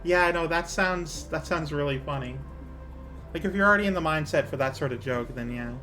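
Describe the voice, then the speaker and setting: Chatty man, raised pitch. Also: brisk, pushed and bright, faint music behind. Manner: chatty, rambling, laughs at own jokes. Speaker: game streamer. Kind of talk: casual game-stream chat.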